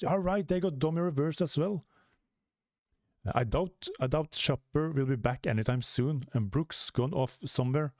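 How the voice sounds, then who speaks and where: A man's voice: on the high side, normal speed, a little mellow, dry recording, studio quality. A man reading a comic aloud and commenting casually as a reaction host, hesitant, with many fillers and self-corrections.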